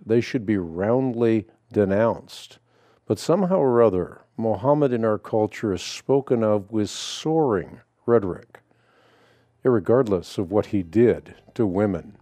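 A man hosting a call-in radio show, talking in a measured, emphatic, preacherly way. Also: fairly low pitch, mellow, no room sound, clean studio sound.

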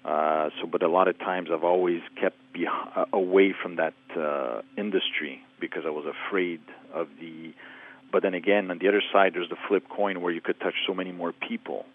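A man's voice: sits low, fairly even intonation, normal speed. A man calling a radio show, speaking hesitantly and searching for his words. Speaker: caller. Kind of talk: phone call to a radio show. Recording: tinny phone line.

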